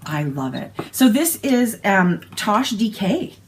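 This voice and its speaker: A woman's voice: mid-range voice, very animated, takes it slowly, a little hiss or hum. A Canadian woman co-hosting a casual knitting podcast, talking in a gushing, enthusiastic way. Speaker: podcast co-host.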